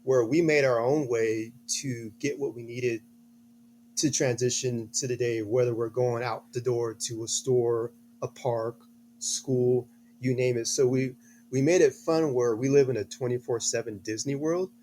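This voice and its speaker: A middle-aged man with a slightly hoarse voice, a guest telling a story earnestly in an interview, restarting his phrases as he goes. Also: mid-range voice, steady tone, a little slow, a little mellow, slight background noise. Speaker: guest, a father.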